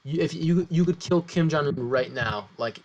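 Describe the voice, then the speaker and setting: A man's voice: a little high, moderate pace, a little mellow, muffled recording, soft background music. A young man hosting a casual podcast with friends, rambling and restarting his sentences. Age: teens or young adult. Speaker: podcast host. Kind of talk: casual chat. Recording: noisy home recording.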